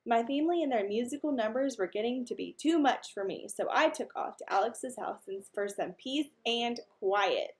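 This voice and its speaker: A woman teacher reading a children's chapter book aloud, with expressive delivery, stopping to ask her listeners questions. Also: fairly high pitch, normal speed, few pauses.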